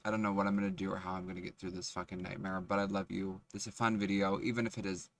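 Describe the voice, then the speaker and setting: A man's voice: low voice, flat delivery, rapid-fire, gravelly, no room sound. A depressed young man rambling in a self-deprecating, foul-mouthed confessional vlog from city streets. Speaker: vlogger. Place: city streets and bus stop outdoors. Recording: loud street traffic noise. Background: cars and city traffic.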